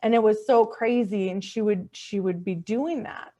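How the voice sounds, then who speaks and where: A middle-aged woman telling a personal story in conversation, earnest and heartfelt, often restarting her sentences. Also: normal speed. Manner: acts out quoted speech in a higher, softer voice. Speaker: podcast guest.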